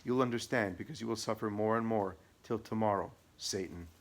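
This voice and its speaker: A man's voice: lowish voice, fairly quick. A man reading the part of a stern, commanding exorcist priest in an audiobook. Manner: firm, commanding.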